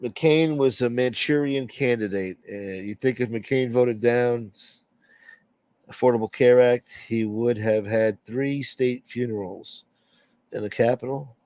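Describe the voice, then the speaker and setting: A man's voice: medium pitch, measured pace, darkish tone, dry recording. Male stream host, blunt and rambling, dull lo-fi dry audio. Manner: blunt, opinionated rambling with frequent asides. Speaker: livestream host. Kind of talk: casual chat.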